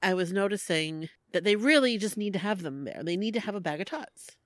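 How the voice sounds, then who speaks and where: A woman co-hosts a podcast, chiming in with quick, upbeat jokes during casual banter. her voice has an ordinary middle pitch for a woman. the recording sounds dry and close. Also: animated, no room sound. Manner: upbeat, joking, quick chimes. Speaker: podcast co-host. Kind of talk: casual chat.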